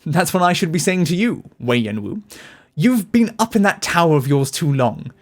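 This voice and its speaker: A man voicing a wry old male fighter who needles an old friend, with a low, dry delivery. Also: lively intonation, normal speed, faint music behind, natural voice. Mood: teasing.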